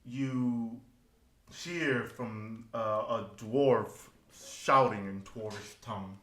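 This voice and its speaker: A man narrating a tabletop game as game master, in an unhurried way with fillers. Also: medium pitch, pushed and bright, roomy sound.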